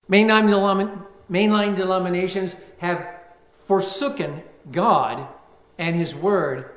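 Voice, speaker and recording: A pastor preaching a sermon, reading scripture aloud with rising, emphatic force. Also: male voice, high voice, fairly bright tone, echoey room.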